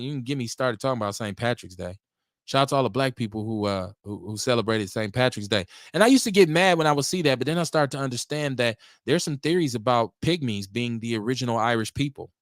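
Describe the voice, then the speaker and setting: A man's voice: dry recording, studio quality. Rambling man hosting a podcast. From Milwaukee, USA. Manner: rambling, talkative, lively swings in pitch. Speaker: podcast host. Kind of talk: casual solo talk show.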